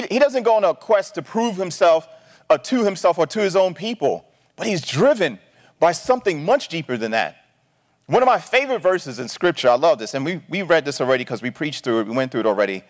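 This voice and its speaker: A male pastor preaching a sermon in an animated, conversational way, often checking in with "right?". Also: on the high side, long reverb tail.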